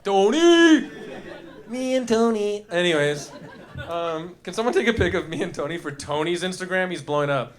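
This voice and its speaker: A young man performs loose stand-up on a club stage through a handheld mic, wandering between bits and teasing the crowd. His voice sits fairly high for a man, and he drifts into silly put-on voices. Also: fairly quick, a bit bright. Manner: goofy, rambling, jumps into silly voices. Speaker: stand-up comedian. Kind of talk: loose stand-up riffing with the audience.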